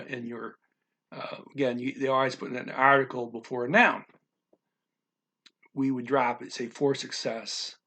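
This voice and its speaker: A man teaching a language lesson, going through a text word by word in a halting, explanatory way with many pauses and restarts. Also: a little high, pushed and bright. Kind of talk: casual language lesson walkthrough.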